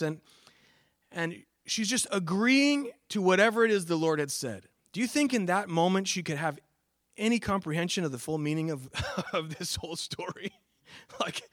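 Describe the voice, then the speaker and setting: A man's voice: fairly high pitch, no echo, studio quality. A man preaching a casual sermon with slides, talking conversationally with fillers and restarts, and rising into emphatic bursts on quoted words. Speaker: pastor.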